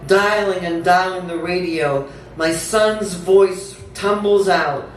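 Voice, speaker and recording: A woman poet giving a live reading with a slow, incantatory delivery, repeating words for effect. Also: fairly low pitch. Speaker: featured poet. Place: theatre stage. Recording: echoey theatre, distant mic, faint hum.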